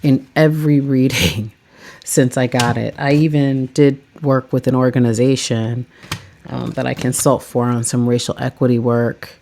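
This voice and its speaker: A woman's voice: rumbling low, steady tone, normal speed, a little mellow, slight background noise. A woman chatting casually about her tarot decks, rambling and saying "like" a lot. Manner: chatty, rambling, says "like" often. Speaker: tarot reader and vlogger. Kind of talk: casual chat.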